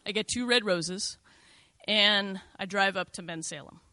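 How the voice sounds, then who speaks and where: A woman's voice: mid-range voice, measured pace, bright, forceful tone, no echo. A middle-aged woman telling a first-person story in a candid, conversational way, full of "like" and "you know".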